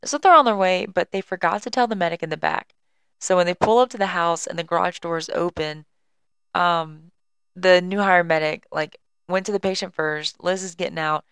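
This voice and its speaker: A woman's voice: on the low side, moderate pace, fairly bright tone, smooth, no room sound. A young woman hosting a podcast from home, casually and chattily telling a work story and apologizing. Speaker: podcast host and EMS worker. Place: at home on a couch.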